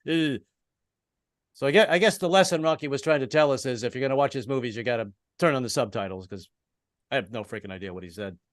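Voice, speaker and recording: A middle-aged American man doing an online stand-up set, halting and restarting, with deadpan punchlines. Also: medium pitch, dry recording, clean studio sound. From American East Coast. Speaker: stand-up comedian. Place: home in Brooklyn, online show.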